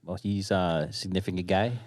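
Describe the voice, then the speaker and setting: A very deep-voiced man hosts a casual chat, relaxed and quick to laugh along. His questions come through a dry, close mic with no room sound. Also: dry recording. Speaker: podcast host.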